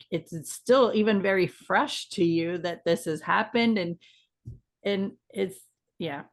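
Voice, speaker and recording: A woman's voice: medium pitch, vocal fry. A woman co-hosting a casual chat about grief, telling a story in a reflective, meandering way. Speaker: podcast co-host.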